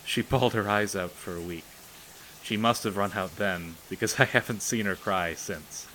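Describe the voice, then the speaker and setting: A man reading aloud and voicing a young princess, a steady older sister who speaks softly and comfortingly. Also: fairly low pitch, normal speed, a little hiss or hum, poor audio. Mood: gently comforting. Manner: soft, comforting, coaxing.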